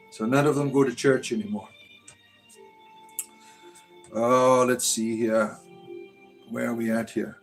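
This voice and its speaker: A middle-aged man hosting a casual livestream from home, answering chat in a blunt, profane, sarcastic way and sometimes drawing words out in a slow, mock-grand tone. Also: medium pitch. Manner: slow drawn-out mock-grand delivery at times.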